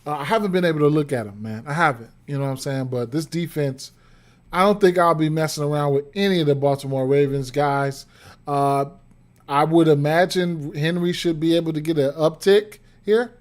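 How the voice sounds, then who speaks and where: Speaking briskly in a somewhat high voice, this man streams sports betting analysis in a loose, rambling style. He leans on fillers and repeats words, and his talk is interrupted by hiccups since he has a case of them.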